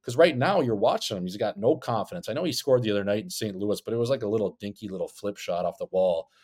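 Laid-back storytelling man, lowish voice. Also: animated, fast talker, darkish tone. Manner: profane, rambling storyteller. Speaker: podcast co-host, former hockey player. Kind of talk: casual chat. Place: Scottsdale.

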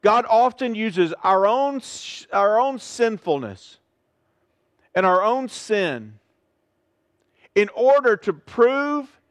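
A man's voice: sits high, sing-song, takes it slowly, pauses often, no room sound. A man preaching a sermon as pastor in a church service, in a conversational way and asking his congregation questions.

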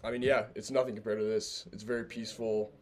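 An easygoing young college baseball player chats through an interview. His voice is on the low side. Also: level tone, fast talker. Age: young adult. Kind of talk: casual interview answers.

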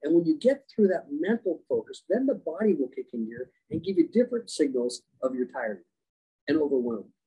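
A man who is a leadership coach and former special operations rescuer, giving animated storytelling answers in a podcast interview and acting out dialogue. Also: a little high, normal speed, slightly rough, poor audio. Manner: animated, acts out quoted dialogue. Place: podcast conversation.

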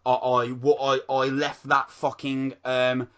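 A man co-hosting a podcast, chatting excitedly and swearing constantly. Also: mid-range voice, a little slow, lo-fi sound. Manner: excitable, swears a lot, calls people mate. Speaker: podcast co-host. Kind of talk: casual chat.

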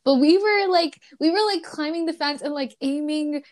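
A young woman hosts a casual podcast chat, telling a story from her childhood. Her voice sits high and she talks in an animated way, full of fillers, laughing as she goes. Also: normal speed. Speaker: podcast host.

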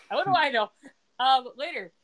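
A woman's voice: high-pitched, lively intonation, unhurried, fairly bright tone. A middle-aged woman hosting a podcast, chatting casually as she retells TV scenes and quotes characters' lines. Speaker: podcast host recapping a TV episode. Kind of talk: casual chat.

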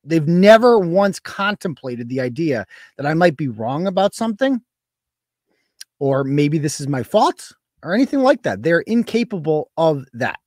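A man hosting a live-stream show, giving profane, sarcastic commentary in an animated way. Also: on the high side, normal speed, dry recording, studio quality. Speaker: show host.

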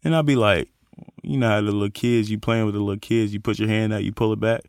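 A man's voice: fairly low pitch, fast, gravelly, dry recording. Young guy podcast host, fired-up faith talk, slangy, dry close sound. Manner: animated, acts out voices in quotes, casual slang.

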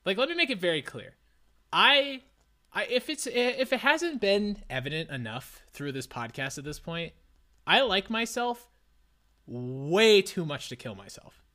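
Loud, excitable young podcast man. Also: high-pitched, moderate pace. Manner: loud, excitable, self-mocking rants. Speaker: podcast co-host. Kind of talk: casual podcast chat.

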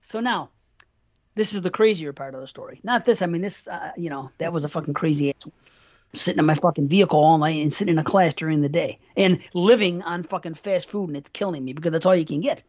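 A man's voice: fairly high pitch, fast, a little mellow. A middle-aged man from New York State co-hosting a podcast, telling long, profanity-filled stories in casual chat. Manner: rambling, profane storytelling. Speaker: podcast co-host. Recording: dull lo-fi podcast audio.

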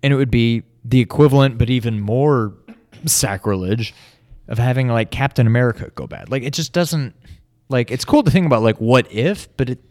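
A man's voice: mid-range voice, moderate pace, darkish tone, dry recording, clean studio sound. A man co-hosting a casual podcast chat, hesitant and full of restarts as he works out his thoughts. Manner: hesitant, lots of fillers and restarts. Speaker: podcast co-host. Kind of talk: casual chat about movies.

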